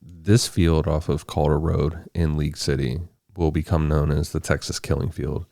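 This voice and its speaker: A man hosting a podcast, telling a true-crime story in steady, detailed narration with casual asides. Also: rumbling low, moderate pace, creaky, dry recording, studio quality. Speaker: podcast host.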